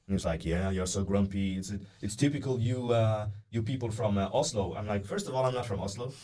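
A young man, a guest on a casual podcast, tells a long story in a low, brisk voice. He's animated, acting out the voices of the people in it and filling his speech with lots of "uh" and "like."

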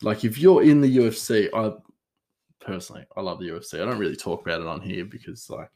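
A man's voice: lowish voice, lively intonation, fast talker, mellow. A man hosting a podcast alone, rambling casually with many fillers and self-corrections. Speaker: podcast host. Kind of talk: casual solo chat.

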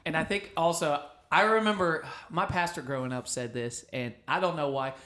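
A man's voice: fairly high pitch, normal speed. A man in his thirties co-hosting a casual faith talk show, telling stories and acting out quotes with energy. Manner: animated storyteller, acts out quotes. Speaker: podcast co-host. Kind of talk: casual chat.

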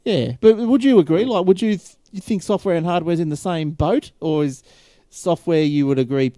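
A man's voice: on the high side, normal speed, warm tone, no echo, studio quality. A man hosting a casual tech podcast, rambling and chatty with frequent laughs. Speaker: podcast host.

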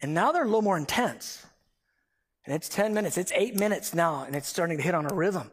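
A man preaching a sermon, emphatic and animated as he tells a personal story. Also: high voice, a little fast, breathy edge. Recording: long hall reverb.

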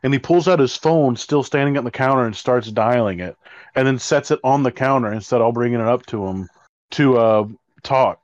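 A man's voice: mid-range voice, moderate pace, no echo. A man in casual chat, rambling and exasperated as he tells a story, swearing freely. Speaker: co-host telling a work story. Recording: dry, slightly dull recording.

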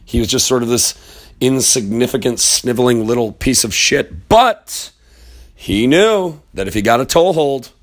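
Man, mid-pitched, ranting at his computer: blunt, angry, swears freely, wanders off mid-thought. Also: lively intonation, unhurried. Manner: rambling aside while searching online. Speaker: political commentator. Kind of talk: profane political rant.

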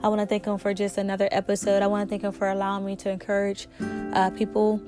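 A woman's voice: mid-range voice, completely flat delivery, fast talker, warm tone, soft background music. A woman hosting a faith talk show, sounding a little sick and speaking earnestly and conversationally. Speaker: podcast host.

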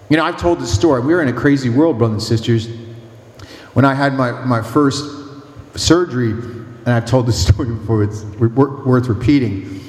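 A man's voice: a little high, echoey room, in a large hall. A man who is a priest, delivering a sermon with emphatic, humorous storytelling.

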